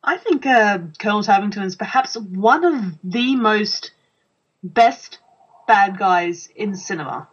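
A woman giving casual commentary over a film, sarcastic and quick to laugh. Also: medium pitch, slightly rough. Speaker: movie watch-along co-host. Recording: dull lo-fi audio.

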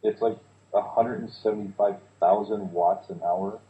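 Male co-host, lowish voice, tinny echoey phone-like audio, laid-back trivia chat. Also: normal speed, slight background noise. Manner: relaxed, shares trivia, filler-heavy. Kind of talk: casual movie watch-along commentary. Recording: tinny phone-like line with echo.

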